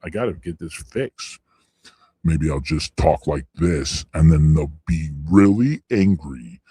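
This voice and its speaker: A man putting on a deliberately low, menacing voice, talking slowly. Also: lively intonation, dark tone, a little hiss or hum, heavily acted. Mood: mock menacing. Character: man putting on a deep scary voice.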